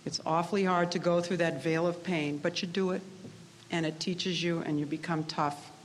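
A woman's voice: fairly low pitch, steady tone, normal speed, in a large hall, a little hiss or hum. A middle-aged woman giving a personal speech to graduates, telling her story in a candid, self-deprecating way. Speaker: speaker addressing graduates.

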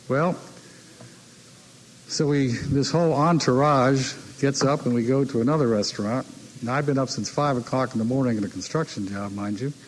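A man's voice: mid-range voice, slight background noise, poor audio. An older man telling anecdotes about buying sports teams, repeating key phrases and acting out the people he quotes. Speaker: team owner telling stories. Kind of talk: anecdotal speech.

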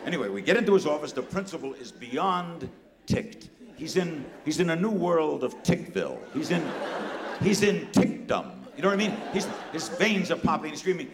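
A man's voice: a little high, moderate pace, crowd noise. An older man from New City, telling a comic story to a live audience in a punchy way, full of asides. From New York City. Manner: animated, punchy delivery with asides.

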